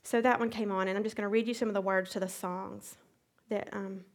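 A middle-aged woman teaching a Bible study, retelling a hectic day as an animated testimony with sound effects. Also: mid-range voice, a little fast.

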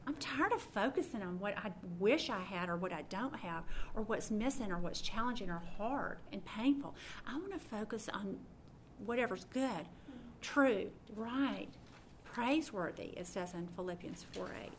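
Middle-aged woman, earnest Bible teacher, mid-pitched voice, faint noise behind. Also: lively intonation, moderate pace. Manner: earnest, personal, prone to restarts.

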